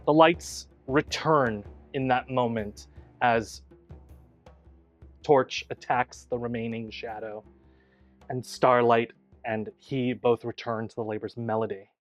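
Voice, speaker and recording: A man's voice: mid-range voice, fairly even intonation, slow pace, faint music behind. Man narrating as game master.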